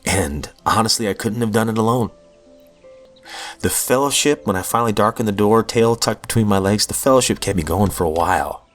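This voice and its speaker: A man's voice: on the low side, fairly quick, faint music behind. A man hosting a recovery podcast, telling his own story in an earnest, heartfelt, self-deprecating way. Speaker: podcast host. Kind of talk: personal recovery testimony.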